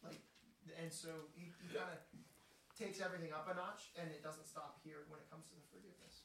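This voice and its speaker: A man's voice: a little high, fairly even intonation, brisk, fairly bright tone, slight background noise. A man in a casual group Bible discussion, explaining a passage from his study Bible. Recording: very echoey room, mic at a distance.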